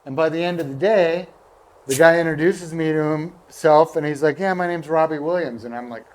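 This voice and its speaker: Man, slightly high voice, casual storytelling, rambling, quotes people in voices. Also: fairly quick, darkish tone. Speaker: guest golfer. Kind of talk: casual anecdote telling.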